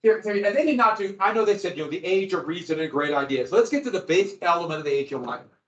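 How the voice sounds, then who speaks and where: A fast-talking man with a high voice and lively intonation lectures his history class. His explanations to the students are informal and conversational, recorded in echoey, dull lo-fi classroom sound.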